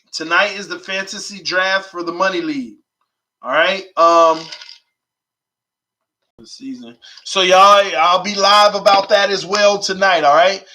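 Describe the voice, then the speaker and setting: A man hosting a sports fan channel, chatting casually and excitedly with his viewers and reading their comments aloud. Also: high-pitched, low-quality recording. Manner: excited, informal, talks to viewers as y'all. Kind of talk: casual vlog chat reading live comments.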